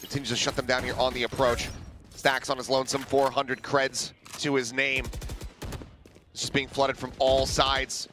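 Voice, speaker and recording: A man casting esports play-by-play, fast and rising to excited calls on big plays. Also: mid-range voice, background noise. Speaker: play-by-play caster. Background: game sound effects and music.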